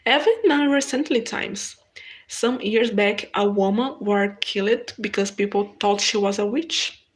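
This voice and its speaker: A Brazilian woman whose first language is Portuguese, hosting a casual live stream in halting English, reading viewer comments aloud and answering them. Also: medium pitch, breathy edge. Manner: unhurried, halting non-native English with frequent restarts.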